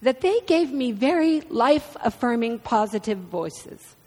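A woman in her fifties preaching a sermon, expressive and storytelling. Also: on the high side, unhurried. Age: 50s. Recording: reverberant hall.

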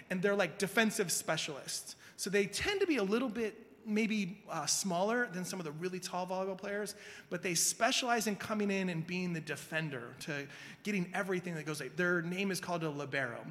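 A man's voice: sits high, fairly bright tone. A man preaching a casual, conversational sermon as pastor, talking in a chatty way full of fillers. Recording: long hall reverb.

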